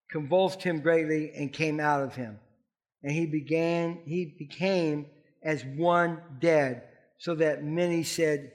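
A man preaching a sermon, expressive and emphatic, leading his congregation in responses. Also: fairly high pitch. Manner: leads the congregation in call-and-response. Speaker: pastor.

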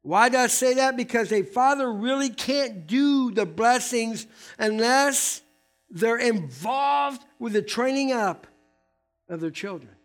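An older man preaching a sermon, emphatic and repeating key words, swinging between loud stresses and hushed asides. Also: very high-pitched, animated, slow pace, soft background music. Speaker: pastor.

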